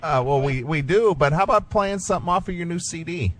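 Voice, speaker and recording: A man's voice: fairly high pitch, fairly quick, a bit bright. Male radio host bantering with a guest. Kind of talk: radio interview.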